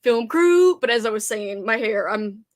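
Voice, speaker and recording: A woman hosting a casual livestream, bubbly and chatty, greeting viewers by name with loud sing-song hellos. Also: mid-range voice, flat delivery, normal speed. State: slightly out of breath after exercise. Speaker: livestream host.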